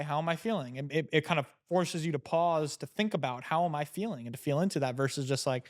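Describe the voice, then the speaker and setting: A man's voice: fairly high pitch, fast talker, hardly any pauses. A man being interviewed on a podcast, talking in a reflective, coaching way about emotions and self-awareness. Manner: reflective, coaching tone with frequent restarts. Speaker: guest entrepreneur. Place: seated in a chair indoors.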